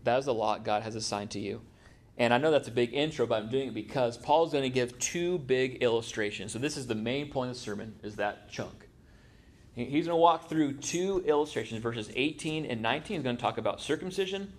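A pastor preaching a sermon in a church, talking conversationally and making quips to the congregation. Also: male voice, medium pitch, brisk.

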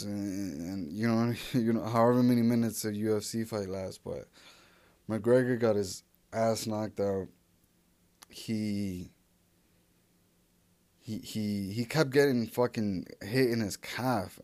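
A young adult man hosts a solo podcast in a lowish, darkish voice, recorded dry. His casual rambling is loose and profane, full of restarts and filler words.

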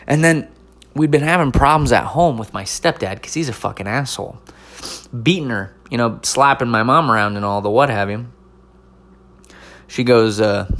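A stand-up comedian man from North Carolina telling a long personal story, swearing often and swinging between loud outbursts and mumbled asides. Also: mid-range voice, moderate pace. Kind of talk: profane comic storytelling.

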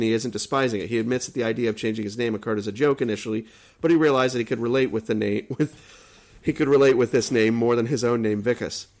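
Gravelly-voiced man reading odd news. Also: medium pitch. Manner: reads in long runs, then trails off into asides. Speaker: podcast host. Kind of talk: casual chat, reading news items aloud.

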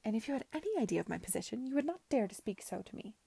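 A woman's voice: medium pitch, normal speed, gravelly, dark tone, husky. A woman reading aloud and voicing a proud, frightened young heiress speaking angrily and defiantly. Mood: angry. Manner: angry, defiant.

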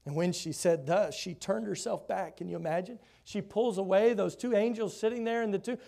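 Animated and at a moderate pace, a man with a high-sitting, creaky voice preaches a sermon. He reads scripture, expounds on it through rhetorical questions, and alternates between loud swells of emphasis and soft drops.

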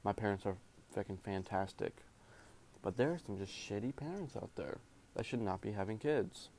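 A man's voice: on the low side, normal speed, darkish tone, a little hiss or hum. A young man, a jiu-jitsu referee, ranting in a casual, rambling way, full of swearing and slang. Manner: profane, rambling, heavy slang.

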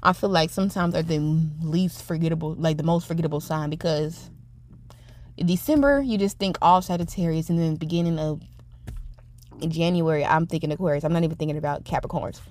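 A woman's voice: sits low, a little fast, a little mellow. A young adult woman hosting her own podcast, talking in a chatty, rambling, self-reflective way. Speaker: podcast host. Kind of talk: casual solo podcast monologue.

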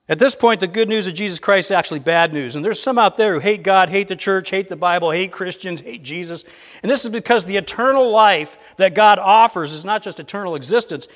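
A man preaching a conversational sermon as pastor, building to emphatic bursts and dropping back to a calm explaining tone. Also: high-pitched. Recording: long reverb of a large hall.

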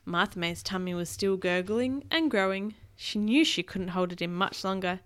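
A woman, a parent, reading a picture book aloud to her child in a playful, animated way and describing the pictures. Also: mid-range voice, normal speed.

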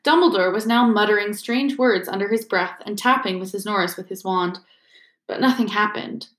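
A woman's voice: medium pitch, moderate pace, a bit bright. Woman reading an audiobook, echoey room. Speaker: audiobook reader. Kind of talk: audiobook narration. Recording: roomy echo.

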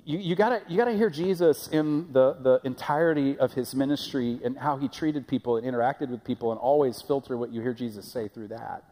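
A man's voice: mid-range voice, a little fast, hardly any pauses, warm tone. A male pastor preaching a sermon in a conversational way, often asking the congregation questions, recorded in a church sanctuary. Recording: long reverb of a church hall.

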